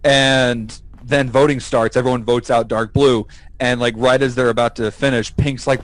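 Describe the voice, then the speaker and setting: A man co-hosting a podcast, telling stories in an animated, profane, casual way and laughing as he goes. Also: mid-range voice, moderate pace, dry recording, poor audio. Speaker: podcast co-host. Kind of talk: casual storytelling chat.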